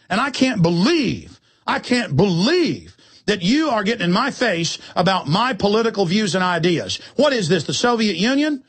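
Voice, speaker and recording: A man hosting a radio call-in show, ranting forcefully and acting out his own exchanges with police. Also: sits high, very animated, moderate pace, slightly rough. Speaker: radio talk show host.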